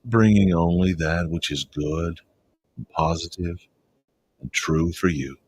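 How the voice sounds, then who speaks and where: A male hypnotist with an accent, guiding listeners gently out of a trance in a slow, soothing manner. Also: low-pitched, a little hiss or hum. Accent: regional English accent. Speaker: hypnotist guest. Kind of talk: guided hypnosis induction.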